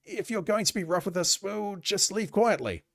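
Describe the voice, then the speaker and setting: A man voicing a nervous adult male biker who stammers and speaks slowly. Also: high-pitched, animated, gravelly, fairly bright tone, dry recording, studio quality, voice pushed up, exaggerated voice. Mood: meek.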